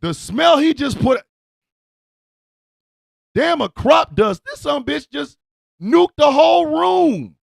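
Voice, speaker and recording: In a very animated comic rant, a male radio host shouts and swears, his strikingly high, gravelly voice jumping all over the place. His words stretch out slowly, captured in a dry, close recording.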